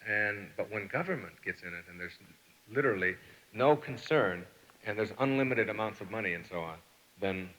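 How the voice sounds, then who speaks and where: A man's voice: fairly low pitch, animated, moderate pace, bright, forceful tone. A man giving a motivational seminar talk, telling stories, acting out the people in them and reading a poem aloud. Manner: storytelling, acts out quotes and reads poetry aloud. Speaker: motivational speaker and author. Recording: echoey hall, dull lo-fi sound.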